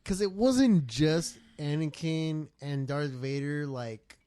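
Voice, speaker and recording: A man's voice: on the high side, takes it slowly, mellow, smooth, no echo. A man co-hosting a casual podcast chat over drinks, explaining earnestly with swearing and "you know what I mean". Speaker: podcast co-host.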